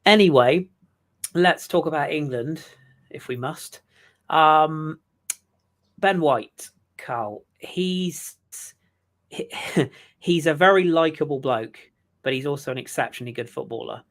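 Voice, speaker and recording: A man's voice: fairly high pitch, slow pace, pauses often, a bit bright. A man co-hosting a fan podcast, talking football in a chatty, joking way with many fillers and restarts. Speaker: podcast co-host. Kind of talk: casual football chat.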